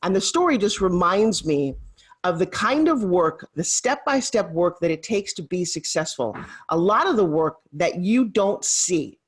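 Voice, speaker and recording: A woman in her fifties, a motivational speaker, telling stories in an animated, emphatic way as an interview guest. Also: lowish voice, measured pace. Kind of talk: interview storytelling.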